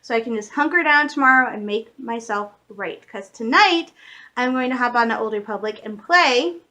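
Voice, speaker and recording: A young woman from Michigan chatting casually in a daily vlog, telling stories in an excitable, rambling way. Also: fairly high pitch, moderate pace. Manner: chatty, excitable storytelling with laughs. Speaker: vlogger.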